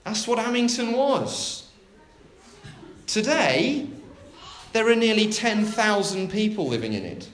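A minister delivering a sermon in a lively, dramatic style, pitched fairly high with wide swoops. The church room echoes around him. A faint hiss and clicks sit underneath. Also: male voice. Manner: expressive, dramatic delivery with big pauses.

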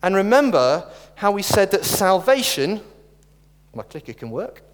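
A man delivers a sermon, his high voice leaping about with expressive swings. He mixes earnest conviction with wry, self-aware jokes. The sound carries the long reverb of a church hall. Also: measured pace. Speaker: preacher.

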